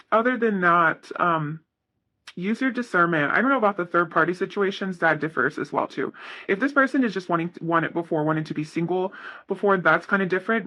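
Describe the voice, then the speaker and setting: A man's voice: on the high side, sharp tone. A man giving a casual tarot reading, talking in a rambling, self-correcting way with lots of fillers. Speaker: tarot reader.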